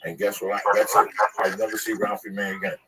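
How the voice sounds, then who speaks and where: A man telling brash, profane stories in casual chat, acting out pushy sales pitches. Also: little pitch movement, fast, over a noisy crowd, poor audio.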